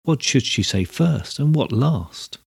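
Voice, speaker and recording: A man reads a story aloud at a steady, measured pace. His voice is gravelly and a little husky. The recording is dry and close. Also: mid-range voice, no echo. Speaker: narrator. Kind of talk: storybook reading.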